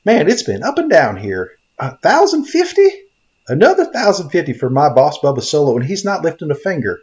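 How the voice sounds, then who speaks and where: A man's voice: a little high, fairly quick, highs cut off. A man playing a bumbling folksy greenhorn hunter. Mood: rambling. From Tennessee. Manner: rambling, folksy, easily excited. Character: naive bumbling male greenhorn hunter-photographer. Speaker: gaming video narrator. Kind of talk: comedic in-character game commentary.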